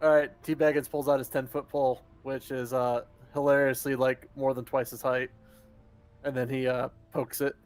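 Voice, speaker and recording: A man's voice: medium pitch, flat delivery, normal speed. A man playing a tabletop game over a video call, plain and matter-of-fact as he talks through his moves. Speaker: player. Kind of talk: casual game chat.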